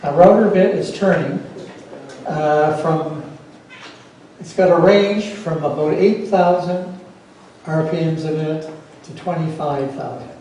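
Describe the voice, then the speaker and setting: A man running an informal workshop demo for a club audience, speaking in a plainspoken, practical way. His voice is slightly high and mellow. He is picked up from a distance in a very reverberant room with faint background noise. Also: a little slow. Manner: plainspoken, practical, answers questions on the fly. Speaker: club presenter teaching routing.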